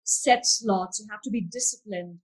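An architect-curator appearing as a panel guest speaks in a husky, mid-range voice at a normal pace, captured on a rough recording. Thoughtful and sincere, she answers video-call interview questions and talks about her faith.

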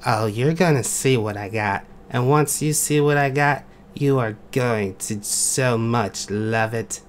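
A man's voice: mid-range voice, takes it slowly, slight background noise, natural voice. A man voicing an overconfident male animal contestant who rambles and stalls. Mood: smug. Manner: smug, rambling.

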